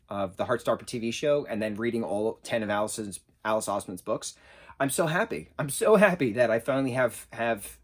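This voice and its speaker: Chatty, excitable man reviewing a book. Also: medium pitch. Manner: chatty, excitable, with frequent restarts and fillers; sarcastic. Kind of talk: casual spoken book review.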